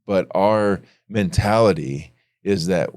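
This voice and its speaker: A middle-aged man co-hosting a casual faith podcast, telling stories in a loose, animated way. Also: sits low, takes it slowly, clear, resonant tone, no echo. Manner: storytelling, animated when retelling. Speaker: podcast co-host.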